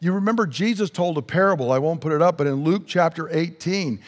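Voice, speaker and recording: A man's voice: fairly high pitch, fast. Earnest preacher man in a reverberant hall. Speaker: pastor. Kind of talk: sermon.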